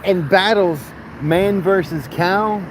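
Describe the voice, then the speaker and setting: A man vlogging outdoors on a farm, telling rambling stories in a crude, joking, rough-spoken way. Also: sits high, slow pace, noisy background. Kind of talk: casual rambling storytelling.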